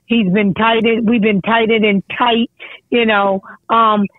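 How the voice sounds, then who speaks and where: A middle-aged mother on a phone call, talking in a rambling, halting way with many restarts. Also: on the high side, flat delivery, dry recording. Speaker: caller, mother of a guest. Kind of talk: emotional phone chat. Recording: tinny phone line, dry.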